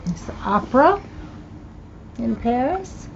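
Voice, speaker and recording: A woman's voice: fairly high pitch, sing-song, slow pace, creaky, lo-fi sound, slight background noise. An older woman with a Southern US accent, hosting a casual thrift-haul video and chatting with delighted exclamations over her finds. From American South. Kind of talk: casual show-and-tell.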